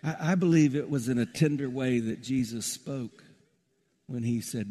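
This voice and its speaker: Emphatic preacher in a reverberant hall. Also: male voice, normal speed. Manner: swings from loud emphatic peaks to soft low asides. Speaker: pastor. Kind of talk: sermon. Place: church sanctuary. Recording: long reverb of a large hall.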